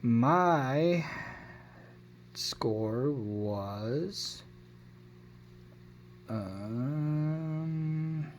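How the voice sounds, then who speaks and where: A man's voice: fairly high pitch, lively intonation, extremely slow, long pauses, a little hiss or hum. A man giving a casual phone review, rambling and correcting himself as he goes. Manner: rambling, self-correcting, unsure of his numbers. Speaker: tech vlogger.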